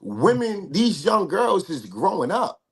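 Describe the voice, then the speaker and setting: A man guest in a casual livestream chat, talking in an animated, slangy, emphatic way. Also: sits high, measured pace, husky.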